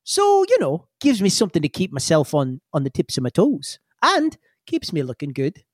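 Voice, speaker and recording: A man's voice: fairly high pitch, huge pitch swings, normal speed, slightly rough, dry recording, clean studio sound, exaggerated voice. A man voicing a confident, flirty woman engineer who talks in a breezy, playful way.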